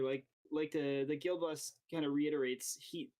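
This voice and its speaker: A man narrating a tabletop game as dungeon master, with halting speech and frequent restarts. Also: on the high side, steady tone, darkish tone.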